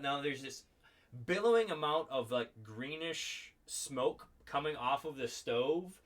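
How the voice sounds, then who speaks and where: Male game master, mid-pitched, loose rambling narration, sits a bit back from the mic. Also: a bit bright, distant mic. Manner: rambling, full of "like" and restarts, laughs often.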